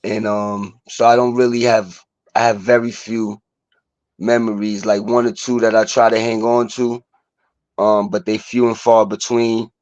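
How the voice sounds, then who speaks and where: New man, halting and hesitant, dull dry call audio, mid-pitched. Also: level tone, a little mellow, no room sound. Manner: halting, searching for words. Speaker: guest. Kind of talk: emotional personal sharing. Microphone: video call.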